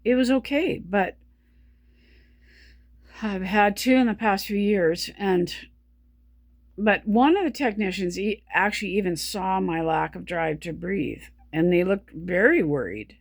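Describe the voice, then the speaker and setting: A woman speaking in a personal video diary, short of breath while talking, halting and stumbling with many restarts, weary and subdued. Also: mid-range voice, expressive, dry recording, studio quality. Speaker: vlogger.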